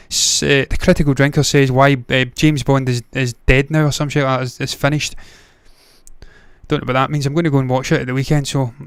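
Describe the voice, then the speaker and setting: A man's voice: medium pitch, little pitch movement, a little fast, fairly bright tone, clear, resonant tone, no echo, studio quality. Blunt, swearing man. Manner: blunt, opinionated, frequent swearing. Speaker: movie news show host. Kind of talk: casual livestream commentary.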